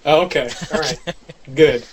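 A man's voice: on the high side, steady tone, unhurried, crowd noise. A man co-hosting a call-in podcast, teasing the callers and laughing a lot. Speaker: podcast co-host. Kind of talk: casual call-in podcast banter.

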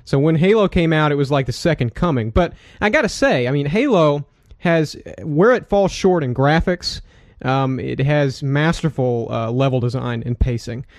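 Guy geeking out about racing games, stumbles over his words, kinda high voice, dry close mic. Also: normal speed, no echo. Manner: enthusiastic, stumbles and repeats words. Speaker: podcast co-host. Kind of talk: casual gaming chat.

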